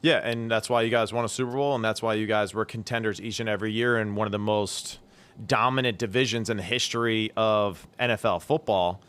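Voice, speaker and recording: Guy in his 30s cohosting a sports podcast, quick and agreeable, keeps chiming in. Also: lowish voice, fairly even intonation, a bit bright, clean tone. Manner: quick, agreeable, often chimes in. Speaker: podcast co-host, former quarterback. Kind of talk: casual chat, analysis.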